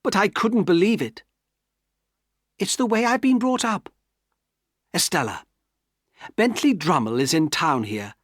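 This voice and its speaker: A man's voice: high-pitched, lively intonation, a little slow, pauses often, no room sound, pitched above the performer's own voice. A man voicing an earnest, heartbroken young man who pleads with trembling emotion, in a dry storybook reading. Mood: pleading.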